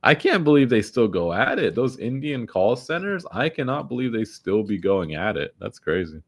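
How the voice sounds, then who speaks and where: A man's voice: medium pitch, sing-song, normal speed. A man giving casual, profane, grumbling commentary as he day trades on stream. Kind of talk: casual live commentary while trading.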